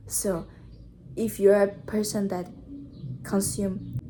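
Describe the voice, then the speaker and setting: Brazilian-accented woman vlogger, mid-pitched, earnest self-help pep talk, repeats her points simply. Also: little pitch movement, takes it slowly, noisy background. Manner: earnest, repetitive, simple phrasing. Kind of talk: casual motivational chat.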